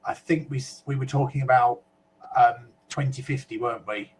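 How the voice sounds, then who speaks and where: A man's voice: medium pitch, steady tone, normal speed, slight background noise, rough recording. A man from the UK co-hosting a casual web chat show, reading out viewer comments in a chatty way with fillers and small asides.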